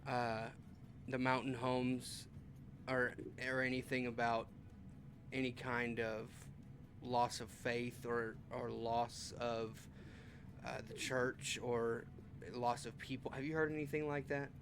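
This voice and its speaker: A man voicing a polite, soft-spoken male dwarf cleric who talks in hesitant, apologetic restarts. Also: mid-range voice, little pitch movement, takes it slowly, slight background noise. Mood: earnest.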